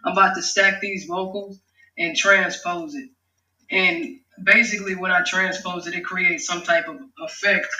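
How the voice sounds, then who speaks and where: A man's voice: high voice, pushed and bright, distant mic. A man casually talking through how he makes his own rap song, loose, slangy and profane. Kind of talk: casual vlog talk-through. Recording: echoey room, off mic, music behind. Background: his beat playing.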